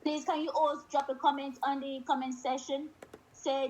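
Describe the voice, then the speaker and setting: High-voiced woman moderating a video call. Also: flat delivery, normal speed, muffled recording, a little hiss or hum. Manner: warm praise, fillers like "uh". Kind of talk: hosting a virtual session.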